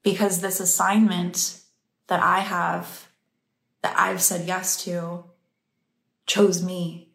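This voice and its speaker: A woman's voice: fairly low pitch, little pitch movement, takes it slowly, gravelly, pauses often, a bit bright. Woman, breathwork teacher, motivational monologue, heartfelt, casual, roomy echo. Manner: earnest, heartfelt, laughs easily.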